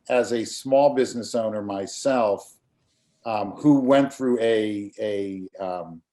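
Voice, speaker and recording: Speaking at medium pitch with a slightly mellow tone, this middle-aged graphic designer and community volunteer talks informally in an online community meeting via video call. He's earnest yet halting, frequently repeating himself as he sorts out what to say.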